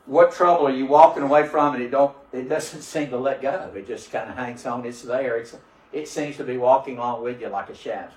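A man's voice: mid-range voice, fairly quick, a little mellow. A man pastor preaching a sermon with call-and-response and fervent prayer, heard in a church. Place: church sanctuary. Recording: roomy church sound from a distant mic.

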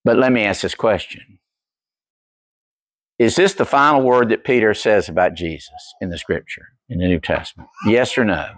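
A man preaching a sermon as pastor, telling stories in an animated way and putting questions to his congregation. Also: on the low side, moderate pace, no room sound. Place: church.

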